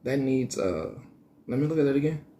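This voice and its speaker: A man's voice: medium pitch, animated, brisk, mellow. Rambling man hosting a casual news stream. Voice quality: slight twang put on in his voice. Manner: rambling, self-correcting, thinking aloud. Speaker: news show host. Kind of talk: casual solo news commentary.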